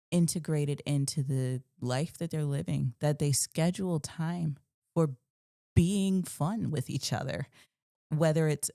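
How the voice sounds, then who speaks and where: A woman's voice: sits low, creaky, dark tone, no room sound, clean studio sound. A young woman hosting a parenting channel, telling a personal story in an earnest, confessional way that rambles with restarts.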